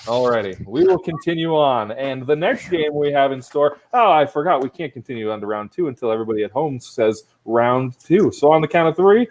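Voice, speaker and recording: A man emcees an improv contest from home, talking into a laptop mic on a video call. His speech meanders and pokes fun at himself. He hands out judgments with playful mock sternness, and his pitch sits in an ordinary middle range. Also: expressive, a little fast, hardly any pauses, poor audio. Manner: rambling and self-mocking, with playful mock-strict judging. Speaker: improv show host and judge. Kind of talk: casual comedic emceeing.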